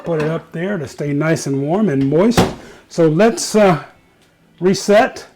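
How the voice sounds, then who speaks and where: A man's voice: a little high, expressive, slow pace, background noise. A man hosting a casual home cooking show, chatting to viewers and joking at himself as he cooks in his kitchen.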